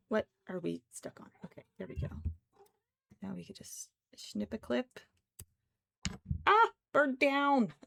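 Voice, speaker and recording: A woman's voice: mid-range voice, vocal fry, a bit bright, no echo. A woman streamer chatting casually while crafting, who talks to her cats in baby talk.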